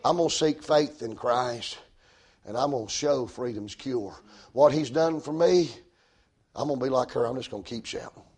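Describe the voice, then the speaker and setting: A man preaching a sermon in a folksy way, dropping to a hush and rising to shouts. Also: mid-range voice, moderate pace, husky. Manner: folksy, swings from hushed to shouting.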